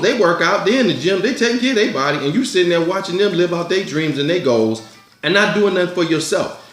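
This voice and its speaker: A man's voice: high voice, fairly bright tone. A man hosting his own commentary, giving a blunt, preachy motivational monologue that repeats its urgings. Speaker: commentary host. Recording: echoey room with faint music.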